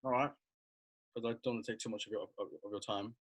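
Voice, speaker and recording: A man's voice: lowish voice, steady tone, fast talker, low-quality recording. A man co-hosting a casual podcast chat, talking hesitantly with many fillers.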